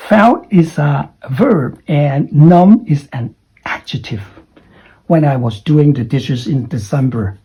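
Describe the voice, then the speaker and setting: A man teaching English, speaking slowly with a husky, mellow voice. His pitch rises and falls a lot as he explains each point with patience. The recording sounds dull and lo-fi. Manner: patient, explaining, often checks with "okay?". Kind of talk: recorded lesson.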